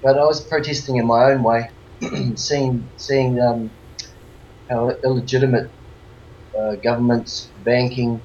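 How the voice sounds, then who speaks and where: A man with a New Zealand accent, a guest talking casually in an interview, relaxed and rambling with plenty of fillers. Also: mid-range voice, dull audio, a little hiss or hum.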